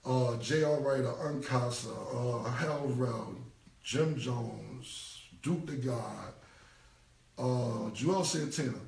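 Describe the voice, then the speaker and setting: Slow and dark-toned, with vocal fry at a medium pitch, this man in his forties rants casually on a phone livestream as a rapper responding. He curses, stresses his points, and repeats them. He's recorded from a distance, the phone held away, amid a roomy echo.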